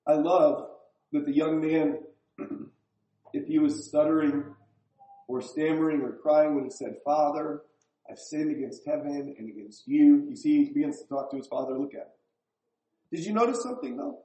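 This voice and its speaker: Man, pastor, conversational sermon, rhetorical questions, warm mellow tone, roomy echo. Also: a little high, normal speed, pauses often. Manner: conversational, asks the congregation questions. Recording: echoey room.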